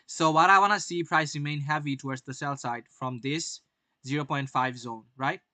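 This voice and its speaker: A brash young man narrates his live trades to a streaming audience, swearing often and quizzing viewers with rhetorical questions. His voice sits a little high and sounds bright and forceful. The recording is dry and close, with no room sound. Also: steady tone, moderate pace, dry recording. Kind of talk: live-stream market commentary.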